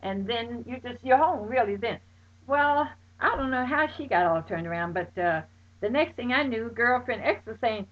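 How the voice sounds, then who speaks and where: A high-voiced woman, retelling an anecdote with lively, dramatic exclamations. She voices the other people in the story herself. The recording is dull and lo-fi. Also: moderate pace. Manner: exclaims loudly, acts out friends' voices. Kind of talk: animated personal anecdote.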